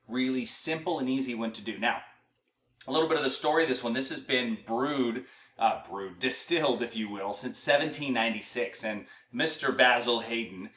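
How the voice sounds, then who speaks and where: A man's voice: medium pitch, a bit bright. Chatty man hosting a show in an echoey room. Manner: conversational, rambling with restarts. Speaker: host. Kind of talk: casual chat.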